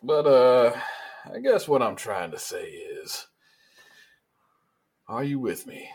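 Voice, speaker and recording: A man voicing a ruthless male governor who delivers slow, menacing speeches. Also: mid-range voice, big pitch swings, darkish tone, slightly rough, voice pushed up, heavily acted.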